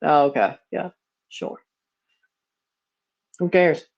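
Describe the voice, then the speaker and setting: A man's voice: fairly high pitch, steady tone, takes it slowly, creaky, highs cut off. A 21-year-old man with a near-Southern American accent, calling plays and rambling bluntly in slangy casual chat while hosting a livestream watchalong. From Mississippi, USA. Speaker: livestream host.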